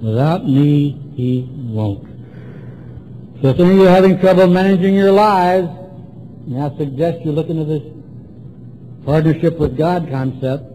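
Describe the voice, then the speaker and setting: A man's voice: on the high side, fairly even intonation, brisk, dark tone, a little hiss or hum, low-quality recording. A man from Washington, DC giving a folksy, repetitive, emphatic talk to a recovery meeting. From Washington, DC, USA. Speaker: AA speaker. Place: meeting room before a group.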